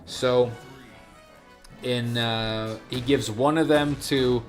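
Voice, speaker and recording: A man's voice: mid-range voice, fairly even intonation, very slow, faint music behind. A man from Sweden, chatting casually as a game streamer, rambling from one thought to the next and answering his chat.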